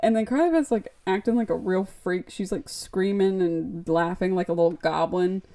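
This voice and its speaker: Woman, podcast co-host, casual book recap, chatty, mellow voice. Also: on the low side, moderate pace. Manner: chatty, lots of "like" and acted-out quotes.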